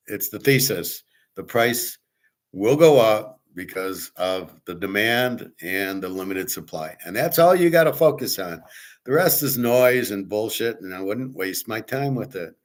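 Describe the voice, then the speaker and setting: A man's voice: fairly low pitch, a bit bright. A man hosting a casual market commentary stream, talking bluntly and rambling, with frequent swearing. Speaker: host.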